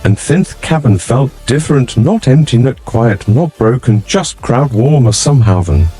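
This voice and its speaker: A man tells a story in short, clipped fragments. His voice is breathy and warm, and his pitch swings widely from phrase to phrase. Soft music plays faintly under the narration. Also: animated, moderate pace.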